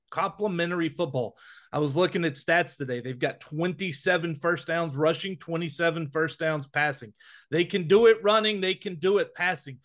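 A man co-hosting a college football podcast, talking emphatically with quick restarts. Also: on the high side, fairly bright tone. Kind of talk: casual sports podcast chat.

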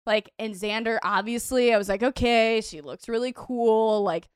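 Woman guest rambling through a story, like like like, kinda high, dry close sound. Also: moderate pace, smooth, dry recording. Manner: animated storytelling full of "like". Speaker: podcast guest. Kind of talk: casual chat.

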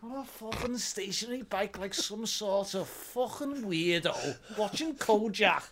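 A man's voice: sits high, animated, measured pace, heavy background noise, pitched below the performer's own voice. A man putting on a foul-mouthed, angry Liverpool man with a Scouse accent, ranting and taunting in a comic podcast impression. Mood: sweary ranting. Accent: put-on Scouse.

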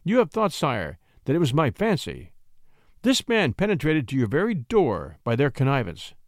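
A man's voice: medium pitch, huge pitch swings, moderate pace, no echo, studio quality. A man voicing a stern, harsh-voiced duke who is suspicious and zealous, giving clipped orders. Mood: urgent.

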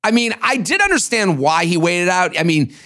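A man co-hosting a podcast in casual chat, animated and swearing as he acts out quotes from a reality show. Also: sits high, normal speed. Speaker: podcast co-host.

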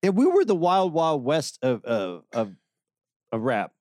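A man co-hosting a casual comedy podcast, with a fairly high voice that jumps around a lot as he laughs and tosses in quick asides. The sound is dry and close, from a studio mic. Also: wildly swooping pitch, darkish tone, no room sound. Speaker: podcast co-host.

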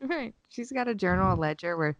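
A woman's voice: medium pitch, animated, brisk, no echo. A woman in her forties, co-hosting a podcast and chatting casually, telling long rambling stories with lots of swearing and laughter. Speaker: podcast co-host. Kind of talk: casual chat. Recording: dull lo-fi sound.

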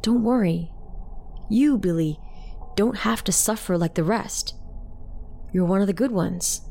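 A woman voicing a young man taken over by a calm, eerie spirit in a story reading. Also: mid-range voice, a little slow, vocal fry.

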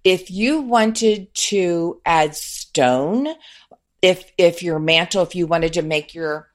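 A woman's voice: lowish voice, slow pace. A woman in a casual home-decor chat, talking eagerly, laughing often and restarting her sentences.

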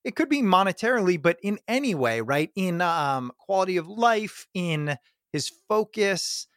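A man's voice: sits high, sing-song, normal speed, a bit bright, no room sound, clean studio sound. A man hosting a podcast, asking the guest thoughtful, curious questions. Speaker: podcast host, interviewer. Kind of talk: interview questions.

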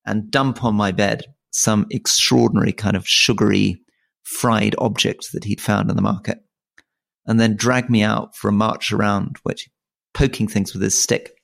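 A man's voice: lowish voice, fairly even intonation, moderate pace, creaky, no echo, clean studio sound. A middle-aged man co-hosting a podcast in casual conversation, often restarting his sentences and repeating words as he thinks aloud. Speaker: podcast co-host.

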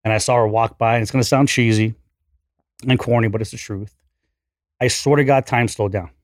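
A man in his forties, a podcast guest, telling a story in an animated, profane, self-deprecating way. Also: medium pitch, fairly quick, dry recording, clean studio sound. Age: 40s. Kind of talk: casual storytelling.

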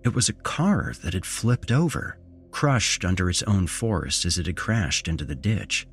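A man narrating a first-person horror story as a podcast host, with measured pacing and dramatic shifts in intonation. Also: low-pitched, big pitch swings, fairly bright tone, soft background music.

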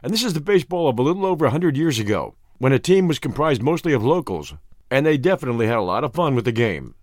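A man hosting and narrating a classic short story audiobook with clear, expressive reading. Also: mid-range voice, fast, dry recording, clean studio sound.

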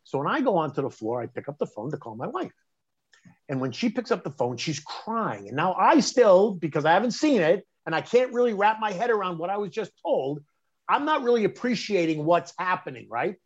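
A middle-aged man, telling a personal story in conversation, animated and emphatic, often restarting mid-phrase. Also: high voice, brisk, breathy edge. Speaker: interview guest recounting a personal story. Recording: dull lo-fi sound.

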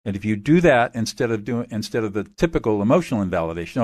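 A man being interviewed as an expert guest, calmly explaining methods in a measured, instructive way. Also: fairly low pitch, no room sound, clean studio sound.

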